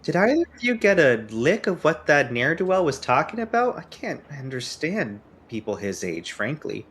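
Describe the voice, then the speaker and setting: A man's voice: on the high side, very animated, moderate pace, a bit bright, voice pushed up. A man voicing a prim, disapproving middle-aged woman who talks in a folksy, huffy way. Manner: folksy, huffy about younger people.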